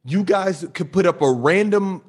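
A man's voice: sits high, normal speed, a little mellow, husky. A man co-hosting a heated sports debate show, insistent and repeating himself as he talks over others. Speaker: basketball debate co-host.

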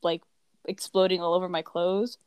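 A woman's voice: on the low side, little pitch movement, moderate pace, smooth, no room sound, muffled recording. Chatty teenage girl, dry close sound. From United States. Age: teens. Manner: rambling, heavy use of "like", acts out quoted people. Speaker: guest telling travel stories. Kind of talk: casual chat.

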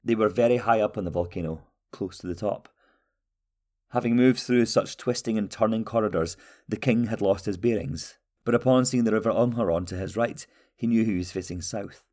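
Male audiobook narrator, low-pitched, measured fantasy reading. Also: a little mellow.

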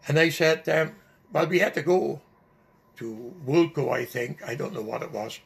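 An older man slowly recounting a personal memory in an interview, halting often with fillers and restarts. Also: a little high, gravelly. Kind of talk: personal storytelling.

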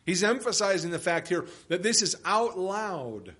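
A man's voice: sits high, big pitch swings, measured pace, a bit bright. A man preaching an expository sermon as pastor, emphatic and full of rhetorical questions.

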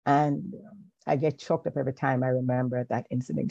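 Woman, gravelly, dry lo-fi sound, hesitant and reflective. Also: extremely low pitch, level tone, dark tone, no room sound. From Jamaica. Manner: hesitant, pauses with um, faith-filled. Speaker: podcast guest, counselor. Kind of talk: reflective personal storytelling. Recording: dull, lo-fi recording.

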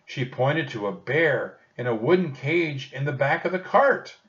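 Slow, lively male storybook narrator. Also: mid-range voice. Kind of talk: audiobook narration of a children's story. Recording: dull distant recording.

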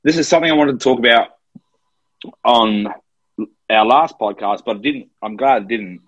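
Co-hosting a podcast from lockdown in Melbourne, an Australian man tells a personal story in a casual chat, earnest and emotional throughout. His mid-range voice is husky and a bit bright at normal speed, with no echo and the highs cut off.

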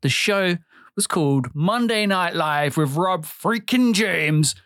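A man's voice: high voice, lively intonation, slow, fairly bright tone, dry recording, studio quality. A young man, hosting a casual podcast chat, talking freely with frequent swearing and laughter. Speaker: podcast host.

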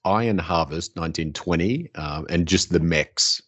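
A man co-hosting a podcast in casual chat, jokey and quick to react. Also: low voice, husky, no room sound. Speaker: podcast co-host.

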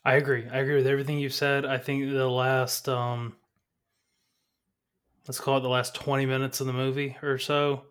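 Man, mid pitch, podcast co-host, casual movie review, rambling, lots of restarts. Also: level tone, normal speed, a bit bright, clean tone. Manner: rambling, many restarts and fillers.

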